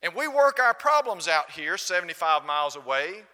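A man's voice: on the high side, big pitch swings, moderate pace, pushed and bright, full character voice. A man voicing a boastful, insistent male churchgoer from a small northern congregation. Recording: long hall reverb.

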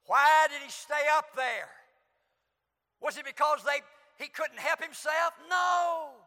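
A man preaching a sermon in an auditorium, impassioned, swinging from hushed lines to shouts. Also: very high-pitched, unhurried. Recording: long hall reverb.

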